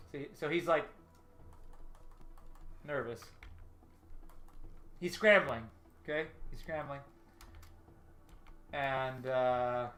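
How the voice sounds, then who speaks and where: A man's voice: mid-range voice, fairly bright tone. A man hosting a casual livestream, thinking aloud as he storyboards and chatting with his viewers in a self-deprecating way. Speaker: livestream host. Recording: roomy echo. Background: faint game music playing.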